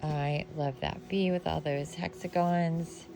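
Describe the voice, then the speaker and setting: Sleepy, slow-talking woman. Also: low voice, creaky, noisy background. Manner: relaxed, drowsy, trailing off. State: sleepy, yawning. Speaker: tarot deck reviewer. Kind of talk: casual unboxing commentary.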